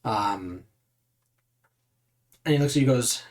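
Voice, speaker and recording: A man's voice: medium pitch, takes it slowly, pauses often. A man running a tabletop game as game master, narrating loosely with many fillers.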